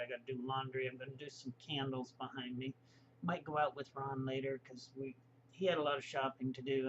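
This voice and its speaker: A man's voice: medium pitch, dull audio, slight background noise. A middle-aged man talking in a rambling, folksy, opinionated way, vlogging from his home. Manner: chatty, opinionated, folksy asides. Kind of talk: casual rambling monologue.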